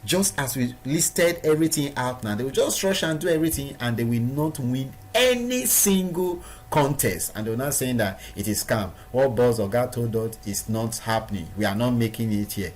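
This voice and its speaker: A man's voice: medium pitch, animated, normal speed, hardly any pauses, darkish tone, slight background noise. A man giving a recorded training lesson to his students, stressing points by repeating words. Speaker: online business trainer.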